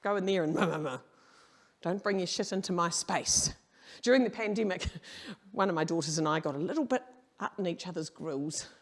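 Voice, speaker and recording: A woman's voice: fairly low pitch, moderate pace. A middle-aged woman giving a humorous keynote talk, brash and storytelling, swearing casually. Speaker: keynote speaker. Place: conference hall.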